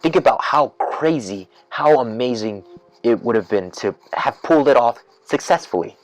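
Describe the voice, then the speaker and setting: A man's voice: mid-range voice, moderate pace, dry recording. A man hosting a podcast in a casual rant, rambling with many fillers and restarts and getting worked up as he imagines things. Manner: grows excited and loud when imagining twists. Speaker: podcast host.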